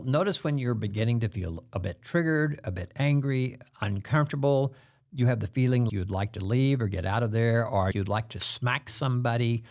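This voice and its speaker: A man hosts a self-help talk in a calm, explanatory way. His voice is mid-pitched but moves a lot, rising and falling freely. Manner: calm explanatory delivery, acts out quoted pressure lines. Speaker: host.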